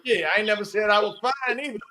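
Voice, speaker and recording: A man's voice: high-pitched, fast, noisy background. Joking, slangy podcast man. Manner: loud laughing, playful slangy joking. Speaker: podcast co-host. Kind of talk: casual banter.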